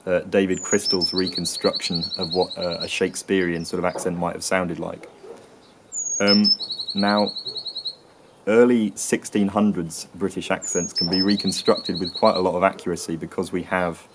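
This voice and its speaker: A man's voice: deep voice, level tone, normal speed, very noisy. A man hosting an educational talk about accents, hesitant and full of ums and restarts. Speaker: host explaining accents.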